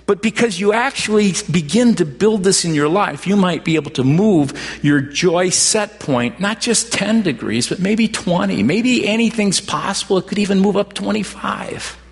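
Storytelling pastor in a reverberant hall. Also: male voice, high voice, moderate pace, creaky, hardly any pauses, husky. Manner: conversational storytelling with repeated restarts. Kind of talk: sermon.

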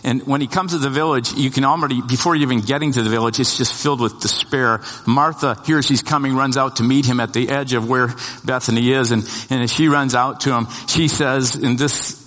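A man's voice: fairly even intonation, brisk, few pauses, a bit bright. A male pastor preaching a sermon in a conversational, storytelling way, voicing the lines of the people in the story and building to emphatic peaks. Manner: conversational storytelling, restarts, voices the disciples' lines; rises in pitch and volume to emphatic peaks. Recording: long hall reverb.

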